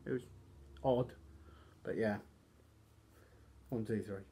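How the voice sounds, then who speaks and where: A man's voice: fairly low pitch, fairly even intonation, takes it slowly, warm tone, slight background noise. A man giving a casual, rambling wrestling recap, coughing now and then and poking fun at himself. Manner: rambling, self-deprecating, coughs often. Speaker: wrestling reviewer.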